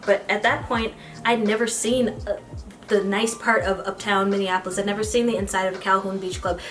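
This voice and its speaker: A young American woman, a beauty vlogger, telling a story while doing her makeup. She talks casually and animatedly, with bursts of excited squealing. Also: medium pitch, brisk, music in the background. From United States. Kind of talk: get-ready-with-me storytime.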